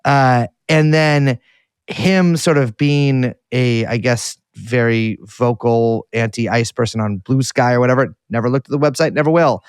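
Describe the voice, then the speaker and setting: A man's voice: medium pitch, unhurried, clean tone, no echo, clean studio sound. A man co-hosting a podcast, telling a rambling, self-deprecating story in casual chat with lots of restarts. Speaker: podcast co-host reporting back.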